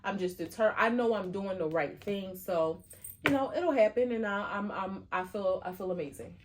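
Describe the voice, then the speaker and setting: A woman co-hosting a podcast, chatting loosely with her partner and her listeners. She talks in an animated way, full of little fillers, at a middle pitch. A faint noise sits behind her voice. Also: moderate pace. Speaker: podcast co-host. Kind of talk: casual chat.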